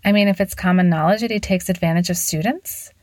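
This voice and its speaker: A woman's voice: on the low side, fast, darkish tone, no room sound, close to an everyday voice. A woman voicing a curious, wide-eyed teenage girl new at a boarding school.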